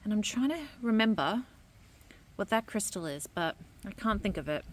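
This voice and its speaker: A young adult woman, chatting casually through a product vlog about her candles and crystals, rambling and trailing off softly. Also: mid-range voice, expressive, moderate pace. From Australia.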